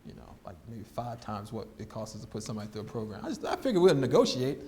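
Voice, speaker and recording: A man giving an animated storytelling testimony as guest speaker, acting out the voices in his story and laughing often. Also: medium pitch, fast talker.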